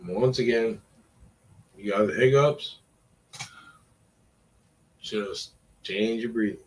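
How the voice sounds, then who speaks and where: A man's voice: fairly low pitch, takes it slowly, rough recording. A middle-aged man rambling in a casual vlog, wry and self-deprecating, trailing off between thoughts. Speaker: vlogger.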